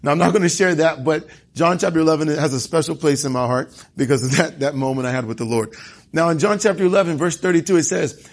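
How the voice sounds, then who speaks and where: Husky man preaching a sermon. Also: fairly high pitch, fast. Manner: conversational, dramatizes scripture dialogue.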